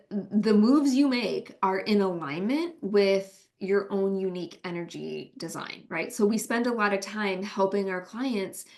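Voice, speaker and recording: Earnest middle-aged woman coach. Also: mid-range voice. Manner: earnest, often asks "right?". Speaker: business coach and co-founder. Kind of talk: reflective interview answers.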